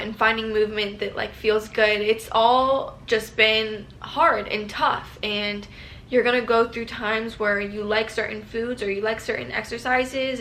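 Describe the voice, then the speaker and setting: A woman's voice: on the high side, pushed and bright. A woman in her twenties chatting casually while answering viewer questions in a vlog, peppering her talk with "like" and casual slang. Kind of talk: casual advice Q&A chat.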